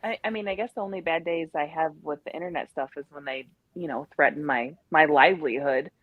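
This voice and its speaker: A woman, a nurse, chatting casually in a group in a calm, matter-of-fact way. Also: sits low, brisk, no room sound, phone-quality sound.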